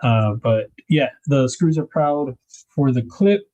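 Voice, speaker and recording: A man's voice: mid-range voice, expressive, slow, mellow, highs cut off. A man hosting a knife livestream, chatting casually and rambling as he unboxes gear. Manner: laid-back, rambling, thinks aloud with fillers.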